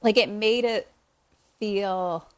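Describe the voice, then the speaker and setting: A young woman casually recapping a horror movie for a podcast, animated and profane, acting out lines from the film. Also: medium pitch, takes it slowly, dry recording. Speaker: podcast co-host.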